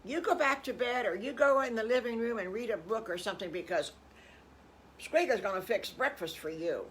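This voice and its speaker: An older woman voicing excited young piglet brothers in a storybook, shooing their mother away. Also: on the high side, a little fast, a little hiss or hum, pitched above the performer's own voice, lightly acted. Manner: bossy and excited.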